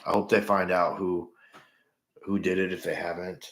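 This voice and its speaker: Deep-voiced man, earnest and halting. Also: little pitch movement, fairly bright tone. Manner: earnest, halting, repeats himself. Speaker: livestream host in recovery. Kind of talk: casual livestream chat with viewers. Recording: echoey room.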